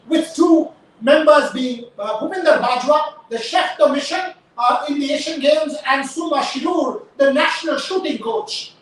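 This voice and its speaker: A woman's voice: sits high, slight background noise. A woman host giving impassioned live commentary, emphatic and rhetorical, firing pointed questions. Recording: very echoey, distant mic.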